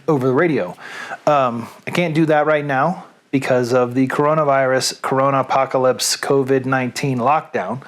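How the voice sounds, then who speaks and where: A middle-aged man and radio DJ, talking to camera alone in a small room at home in a chatty, rambling, self-deprecating way. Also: medium pitch. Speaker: radio DJ and video host. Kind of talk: casual rambling monologue to camera. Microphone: studio microphone.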